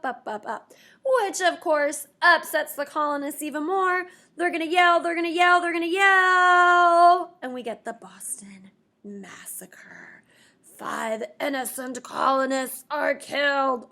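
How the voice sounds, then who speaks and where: A woman teacher giving a lively history lesson to her students, expressive and playful with asides. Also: sits high.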